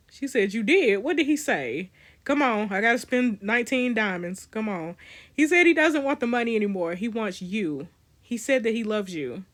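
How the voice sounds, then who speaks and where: A woman, reading a story game's dialogue aloud and reacting, animated and laughing often, with teasing asides to her viewers. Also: medium pitch. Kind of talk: reading choices-game dialogue with live reactions.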